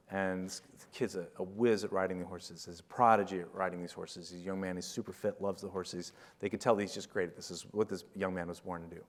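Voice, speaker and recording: A man giving a motivational conference talk, telling a parable in a jokey, rambling, animated way. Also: sits low, long reverb tail. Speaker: conference keynote speaker.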